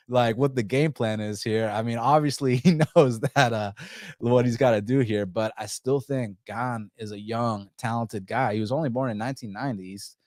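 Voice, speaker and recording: A man's voice: mid-range voice, normal speed, a little mellow, no room sound, clean studio sound. A man hosting a casual fight-betting show, rambling and profane, with many restarts. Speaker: podcast host.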